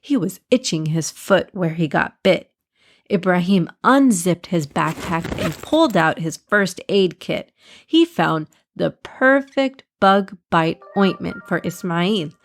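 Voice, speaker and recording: A woman narrating a children's story with gentle, measured reading. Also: on the low side.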